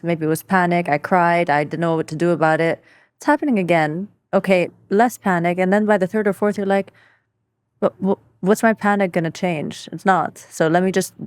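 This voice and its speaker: Lady podcast host, lowish voice, dry close sound, easygoing and affirming. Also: clean tone, dry recording. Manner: warm, affirming, relating with her own experience. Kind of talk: casual interview talk.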